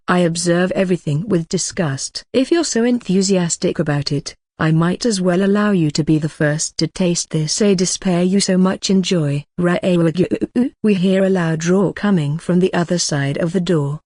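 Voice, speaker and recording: Brief: woman audiobook narrator, lowish voice, lively, acts out sound effects, dry close sound. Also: moderate pace, few pauses, no echo. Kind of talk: first-person audiobook narration.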